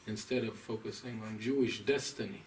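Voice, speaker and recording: A man, a rabbi, giving a deliberate, emphatic, scholarly lecture to a small audience. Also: fairly low pitch, steady tone. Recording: distant mic, faint room noise.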